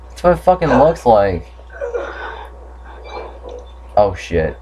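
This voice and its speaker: A man's voice: low voice, sing-song, moderate pace, a little mellow. A young man commenting on a horror game playthrough, swearing often and yelping when startled. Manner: swears a lot, jumpy and startled. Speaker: gamer.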